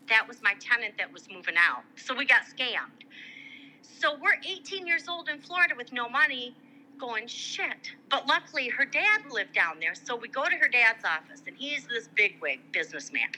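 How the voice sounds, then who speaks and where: This is a middle-aged woman from Michigan, chatting casually as a guest. Her voice is very bright and sits a little high. She tells her story with energy and slips into the voices of the people she quotes. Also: moderate pace, slight background noise, rough recording. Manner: animated, acts out quoted voices.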